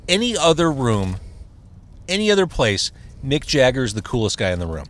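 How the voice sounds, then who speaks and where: A man's voice: mid-range voice, big pitch swings, normal speed. A man hosting a podcast, asking questions and chiming in with enthusiastic short affirmations in casual chat. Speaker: podcast host.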